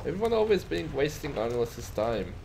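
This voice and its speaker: A man's voice: high voice, huge pitch swings, normal speed, background noise, voice pushed up. A man doing a grumpy scholar shopkeeper. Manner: raised, gruff, broken grammar, wavering accent.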